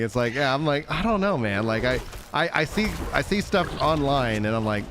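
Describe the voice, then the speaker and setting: Man, middle-aged, casual livestream chat, rambling, laughs a lot, medium pitch. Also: animated, moderate pace, background noise. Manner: rambling, self-deprecating, laughs often. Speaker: streamer and podcast host.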